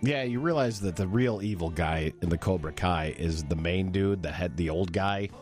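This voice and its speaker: A man's voice: low voice, moderate pace, soft background music. A middle-aged man co-hosting a casual countdown chat, telling stories and jumping into quoted voices. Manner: animated storyteller, jumps into quoted voices. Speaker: co-host.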